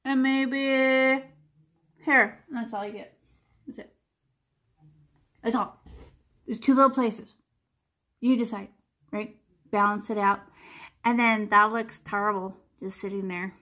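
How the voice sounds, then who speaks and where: Speaking slowly and pausing often, this art teacher keeps a steady tone while her fairly high voice sounds pushed and bright. She guides young children through painting in a chatty, playful way, slipping into small sound effects and silly voices as she demonstrates.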